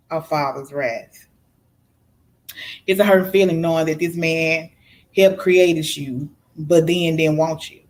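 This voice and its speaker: Low-voiced woman telling her life story. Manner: candid, conversational, with frequent fillers. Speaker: podcast host. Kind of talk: personal storytelling monologue.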